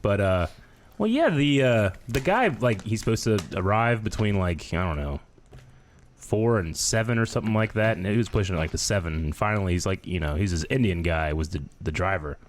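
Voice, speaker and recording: Podcast co-host, thirties, male, casual chat, lively swooping pitch, animated storyteller. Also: fairly quick, a little hiss or hum. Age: 30s. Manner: animated storyteller, does high-pitched voices in quoted speech.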